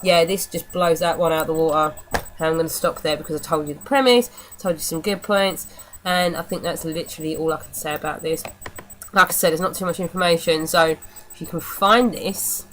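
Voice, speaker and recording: A woman's voice: low voice, fairly even intonation, brisk, a bit bright, slight background noise, rough recording. A young woman giving a casual, mocking film review, blunt and rambling, swearing freely.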